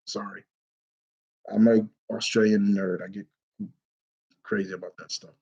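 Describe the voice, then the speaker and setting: A man's voice: lowish voice, little pitch movement, unhurried, creaky, dark tone, highs cut off. A man hosting a live question-and-answer stream, chatting enthusiastically in a rambling way, full of fillers and restarts. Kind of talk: casual rambling chat.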